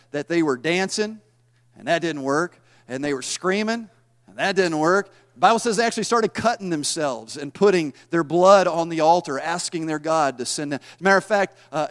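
A man preaching a sermon, retelling scripture in a folksy, animated style. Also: fairly high pitch, moderate pace. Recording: long hall reverb.

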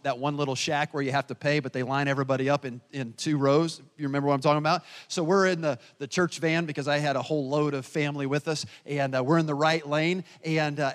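A male pastor with a medium-pitched voice preaches in a church sanctuary, the long reverb of the hall behind him. He tells personal stories with animated, self-deprecating humor and chatty asides to the congregation.

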